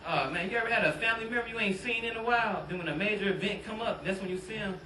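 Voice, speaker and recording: Rattling off jokes at rapid-fire speed, a high-voiced young man from Detroit banters loosely with the crowd from a comedy club stage. The mic is set back, giving a roomy sound over a noisy background.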